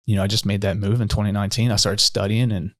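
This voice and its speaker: A man's voice: on the low side, level tone, quick pace, no echo, studio quality. A man talking as a podcast guest, telling a long story in a loose, rambling way full of fillers. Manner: rambling, heavy on fillers like "you know". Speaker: real estate agent, podcast guest. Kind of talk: casual storytelling.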